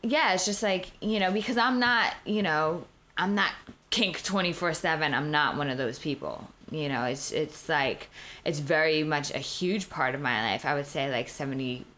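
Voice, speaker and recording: A middle-aged woman with a New York accent and a low voice, chatting as a podcast guest. She tells her stories bluntly and animatedly, swearing freely as she goes. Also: normal speed. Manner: blunt, profane, animated storyteller. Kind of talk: casual interview chat.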